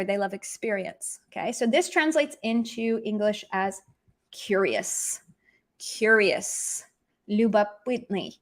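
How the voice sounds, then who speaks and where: With a fairly high pitch, a woman teaches an online language lesson, talking chattily and performing sarcastic examples.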